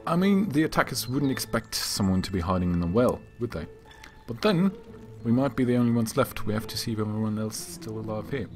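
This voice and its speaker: A slightly hoarse man voicing a frightened young male village apprentice, breathless and pleading. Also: fairly low pitch, animated, a little fast, hardly any pauses, darkish tone, soft background music, close to an everyday voice. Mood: anxious.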